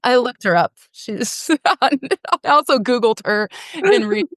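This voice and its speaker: A woman's voice: fairly high pitch, big pitch swings, a little slow, a bit bright, no room sound, clean studio sound. A woman in her forties, a podcast guest telling her own story frankly, with frequent laughs and casual swearing. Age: 40s. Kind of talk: candid personal storytelling.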